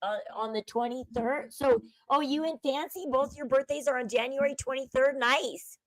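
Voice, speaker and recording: In a dry, poor-quality recording, a woman with a high voice talks at a normal pace. She's hosting a casual livestream, reading chat aloud, chatting with viewers, and sharing plenty of opinions.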